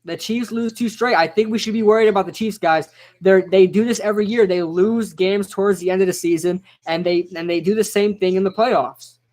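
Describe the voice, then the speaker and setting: A young man casually reacting live to a football game, chatting with viewers and shouting out their names. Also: sits high, a little fast. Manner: excitable, chatty, reads out chat names. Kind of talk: casual live-stream commentary.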